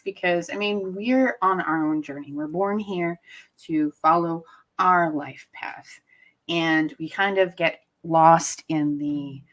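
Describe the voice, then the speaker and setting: A woman's voice: sits low, measured pace, poor audio. A woman in her thirties hosting an online open mic from home over a video call, reading poems aloud and chatting between them. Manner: chatty, laughs often. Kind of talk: casual hosting and poetry reading.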